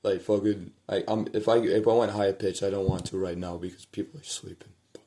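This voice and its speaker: A man telling a personal story to the camera at home at night, rambling and profane, repeating himself and trailing off into quiet murmurs. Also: on the low side, steady tone, fairly quick.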